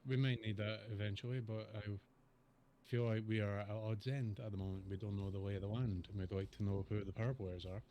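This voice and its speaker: A man playing in a tabletop game, speaking his character's lines in a measured way. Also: fairly low pitch, fairly even intonation, mellow, slight background noise. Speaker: player. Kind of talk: tabletop role-play.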